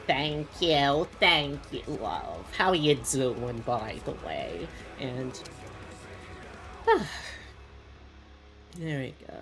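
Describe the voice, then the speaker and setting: A woman with a low voice and an unhurried pace chats casually on a drawing stream. She wanders off on tangents and asides, and faint music plays behind her. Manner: chatty and rambling, with frequent fillers and asides. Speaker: VTuber streamer.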